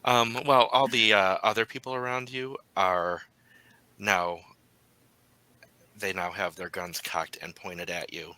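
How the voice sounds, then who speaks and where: Slow, very bright-voiced male storyteller. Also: deep voice, steady tone, dry recording, poor audio. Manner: unhurried, halting narration with frequent ums. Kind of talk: narrating a tabletop role-playing game.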